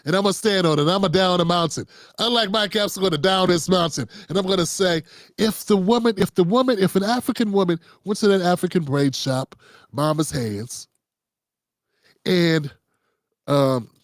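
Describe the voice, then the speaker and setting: A man's voice: sits high, moderate pace, no echo, studio quality. A man hosting unscripted political commentary, talking casually and riffing, slipping into quoted voices.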